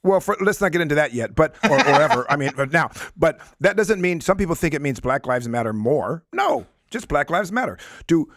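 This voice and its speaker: A man co-hosting a podcast who asks probing questions in an animated way and murmurs agreement often. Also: a little high, brisk, few pauses, dry recording, studio quality. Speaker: podcast co-host. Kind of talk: interview questioning.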